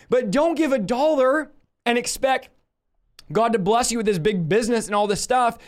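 A man teaching a Bible study in an animated, emphatic way. He repeats phrases for stress and jokes with his viewers. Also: extremely high pitch, normal speed.

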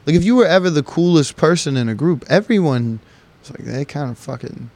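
A man's voice: on the high side, animated, fairly quick, a little mellow. A man hosting a solo podcast, talking in a profane, rambling and joking way. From United States. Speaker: podcast host. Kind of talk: casual solo podcast monologue.

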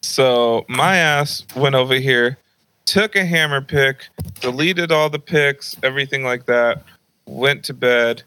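A young man on a podcast, casually telling a funny personal story and acting out high-pitched voices of his mom and grandma. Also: takes it slowly, pushed and bright, smooth, rough recording. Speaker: podcast host.

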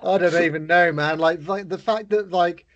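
A man's voice: sits high, moderate pace, muffled recording, a loud crowd. A man co-hosting a podcast in casual chat, sweary and rambling, often breaking into laughter. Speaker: podcast co-host.

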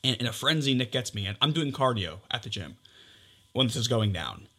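A young man and podcast co-host telling a story in a casual chat, animated and swearing as he acts out text messages. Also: mid-range voice. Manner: animated, swearing, quick retelling with quoted texts.

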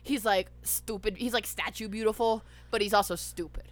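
A woman's voice: mid-range voice, moderate pace, no room sound. A woman in casual chat, recapping a movie scene by scene, with loose, profane asides. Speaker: podcast co-host.

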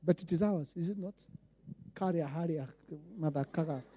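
A Kenyan man preaching a sermon as pastor, emphatic, repeating lines and swinging between quiet asides and loud declarations. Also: a little high, normal speed, husky.

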